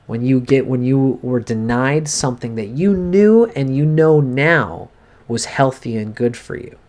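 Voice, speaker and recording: A man in a live-streamed cold reading, speaking straight to a viewer and coaching her in an earnest, animated way. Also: medium pitch, unhurried. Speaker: astrologer giving a reading.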